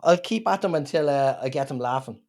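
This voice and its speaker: A man with an Irish accent, a comedian chatting in an interview and telling rambling, animated stories. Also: medium pitch, brisk. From Ireland. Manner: rambling, animated storytelling with acted-out quotes. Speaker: comedian guest. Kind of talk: casual interview chat.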